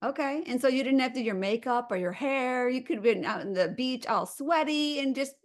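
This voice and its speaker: A woman hosting a podcast, chatting with a guest in an encouraging, affirming way. Her voice sits a little higher than most. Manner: warm, encouraging, quick to affirm and laugh. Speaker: podcast host. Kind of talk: casual podcast interview.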